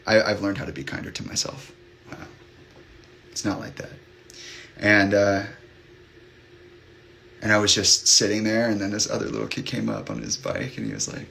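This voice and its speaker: Male livestream host, somewhat low-pitched, candid and rambling, loose filler-heavy delivery. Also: lively intonation, a little slow, vocal fry, pauses often, sharp tone. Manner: rambling, open, many fillers and restarts. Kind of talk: candid chat with live viewers.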